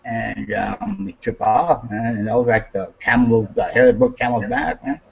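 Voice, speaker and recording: Man, casual storytelling, swears a lot, husky, muffled lo-fi sound. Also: medium pitch, normal speed. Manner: animated, swears a lot, acts out quotes with raised voice.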